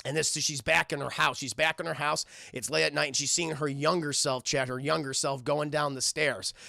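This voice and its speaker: This is a male streamer recapping a cartoon for his live chat, animated and cursing as he goes. His voice sits a bit high and has a gravelly, bright edge. The sound is dry and close to the mic. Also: normal speed, no room sound. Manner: animated, swears a lot, keeps addressing the chat. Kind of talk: casual profane scene recap.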